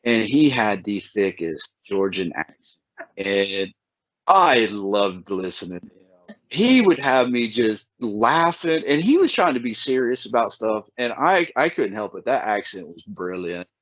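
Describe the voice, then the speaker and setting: Animated Appalachian-accented man, lo-fi. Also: on the low side, measured pace, no room sound. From Southern Ohio, USA. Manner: animated, stumbling restarts. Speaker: podcast host. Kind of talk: casual chat.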